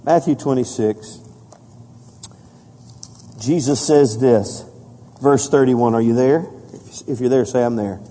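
Husky preacher in a reverberant hall. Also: male voice, slow pace, pauses often. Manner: preaches with rising emphasis, drops soft and low for solemn points. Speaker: pastor. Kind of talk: sermon.

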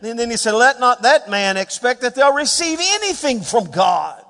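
Man, pastor, sermon, high voice, hushed then emphatic delivery, long hall reverb. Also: sing-song, moderate pace. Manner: dynamic preaching, dropping to hushed tones and rising for emphasis.

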